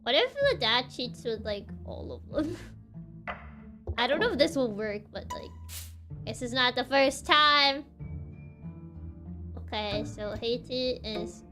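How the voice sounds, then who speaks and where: A woman streamer chats through a game in a high, lively voice that swoops up and down. She talks in an unhurried way, giggles a lot and thinks out loud. Faint music plays behind her. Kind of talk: casual gameplay commentary.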